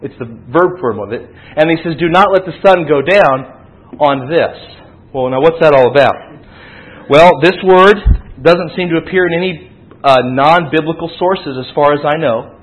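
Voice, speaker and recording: A man's voice: fairly high pitch, normal speed, lo-fi sound. A man preaching a sermon, teaching earnestly and rising to emphatic peaks. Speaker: pastor.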